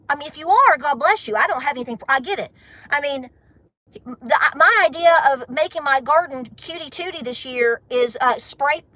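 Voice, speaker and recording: Woman, american, live-stream host, chatty and emphatic, crisp bright tone, dry close sound. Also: sits high, no room sound. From United States. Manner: chatty, emphatic, repeats points for stress. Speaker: homesteading channel host. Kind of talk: casual live-stream chat.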